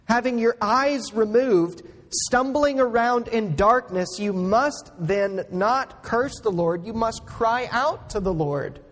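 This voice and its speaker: A man preaching a sermon as a pastor, slow and earnest, pressing each point with emphatic rises. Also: very high voice. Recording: long hall reverb.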